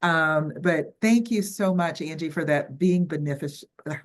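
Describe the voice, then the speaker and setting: Hosting a webinar on a video call, an older Southern US woman speaks in a low voice. Her delivery is chatty and stop-start, peppered with ums and restarts.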